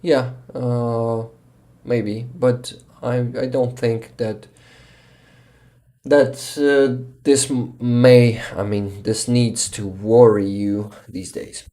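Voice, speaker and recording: A man with a Ukrainian accent chatting casually on a livestream, exhausted and halting, often restarting words. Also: mid-range voice, steady tone, mellow. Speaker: livestream host.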